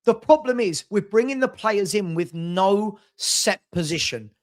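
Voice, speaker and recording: A man's voice: high voice, expressive, measured pace. A man hosting a casual football chat stream, arguing his points emphatically with rhetorical questions. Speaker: podcast host.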